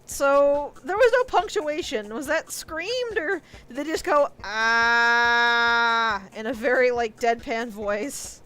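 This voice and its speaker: A woman's voice: sits high, animated, measured pace, few pauses. A woman giving casual let's-play commentary, thinking aloud and often saying "like". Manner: thinks aloud, chatty, frequent "like". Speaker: gaming streamer. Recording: game music playing behind.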